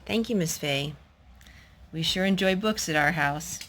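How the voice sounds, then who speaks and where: A woman at home reading a picture book aloud to her child, in a gentle, animated storytelling manner. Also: on the low side, measured pace. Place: at home indoors.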